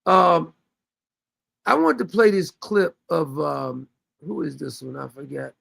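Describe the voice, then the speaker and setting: A man chats casually as host of a livestream, drifting from one thing to the next and laughing along the way. His voice is heavily gravelly and husky, and it sits somewhat high for a man. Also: slow pace, a bit bright, no echo. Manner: rambling, loose, laughs often. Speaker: show host.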